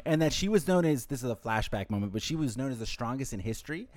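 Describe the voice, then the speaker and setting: A man co-hosting a casual anime podcast, his voice sitting at an ordinary middle pitch. He swears freely and drops into brief voices for the characters he recaps. The sound is dry and close. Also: lively intonation, darkish tone, no room sound. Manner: casual, profane, acts out characters in quick impressions. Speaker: podcast co-host and editor.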